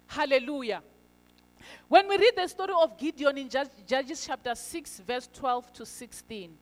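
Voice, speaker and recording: A woman's voice: high voice, lively intonation, a little slow. A woman preaching a sermon in a church, telling stories with fillers and rhetorical questions. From South Africa. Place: church hall. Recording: church service recording with reverb and faint music.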